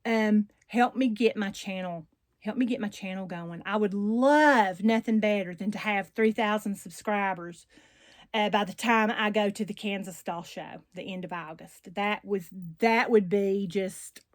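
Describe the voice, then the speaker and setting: A woman with a deep Southern country accent, chatting casually and at length to her viewers as a doll channel host. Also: a little slow, no echo, clean studio sound. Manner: chatty and rambling, warm Southern slang.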